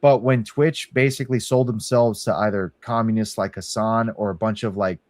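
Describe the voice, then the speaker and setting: A man's voice: on the low side, steady tone, moderate pace, darkish tone, no room sound. A young man, chatting casually as a podcast co-host, rambling and swearing between laughs. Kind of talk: casual chat.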